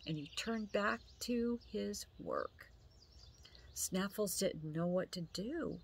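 Slow gentle woman reading a story. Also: mid-range voice, creaky, slightly rough. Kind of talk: children's story read aloud.

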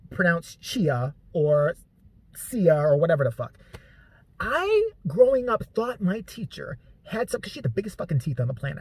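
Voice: medium pitch, husky. A vlogger telling rambling, joking, profane stories about a late father in a casual monologue.

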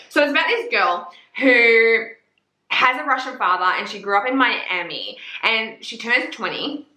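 A woman's voice: mid-range voice, bright, forceful tone. A young woman reviewing books in a casual chat, gushing and swearing a lot, with plenty of "like" fillers. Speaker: book reviewer. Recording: echoey room.

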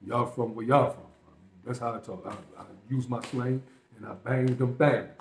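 A man's voice: mid-range voice, fairly even intonation, moderate pace, a little hiss or hum. A man hosting a reaction video, talking casually and emphatically to viewers with plenty of slang. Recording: echoey room.

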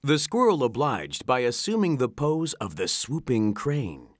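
An animated storybook narrator with a lively, rising and falling delivery. The reading sounds close and dry, with no room around it. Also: medium pitch, a little slow, no echo. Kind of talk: storybook read-aloud.

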